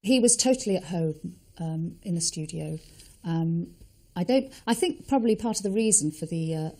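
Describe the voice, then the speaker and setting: Deep, mellow woman reminiscing. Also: expressive, normal speed. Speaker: interviewee. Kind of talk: reminiscing interview.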